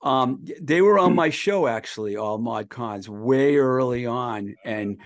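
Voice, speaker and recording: A man's voice: medium pitch, no room sound. Chatty male podcast host on a video call. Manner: chatty, rambling, quick to laugh. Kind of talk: casual interview chat.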